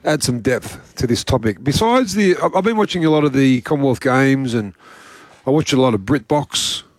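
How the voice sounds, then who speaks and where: A man's voice: medium pitch, lively intonation, moderate pace, no room sound. A man co-hosting a studio radio show, chatting in an enthusiastic, playful way. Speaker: radio co-host. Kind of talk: casual radio chat.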